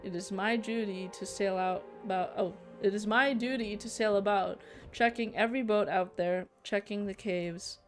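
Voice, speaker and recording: A woman's voice: mid-range voice, fairly even intonation, normal speed, faint music behind, close to an everyday voice. A woman reading aloud the lines of a smug, menacing English man who patrols the sea in a story game. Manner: self-satisfied, boastful.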